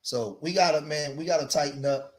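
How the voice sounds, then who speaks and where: A man's voice: on the high side, a little fast. Emphatic streaming commentator, man. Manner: preachy, emphatic, repeats himself, keeps saying "man". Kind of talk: livestream commentary.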